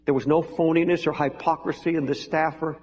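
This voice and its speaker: A man's voice: fairly high pitch, fairly even intonation, fairly quick, darkish tone. An older man preaching a sermon to a large congregation, in an earnest, pleading manner. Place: large hall with balcony. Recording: echoey hall, faint noise.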